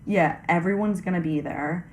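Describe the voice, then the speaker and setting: A woman co-hosting a podcast, eagerly retelling a movie's scenes in casual chat. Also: on the low side. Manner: excited, quick retelling with acted quotes. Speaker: podcast co-host. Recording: echoey room with faint hiss.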